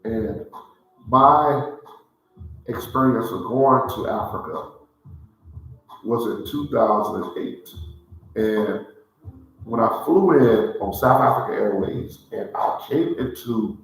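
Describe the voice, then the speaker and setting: This cigar show host has a fairly low, slightly bright voice and talks slowly, with long pauses. Recorded in a big, very echoey room of a historic building, he rambles warmly and casually, often restarting with the phrase "let me say it like this here."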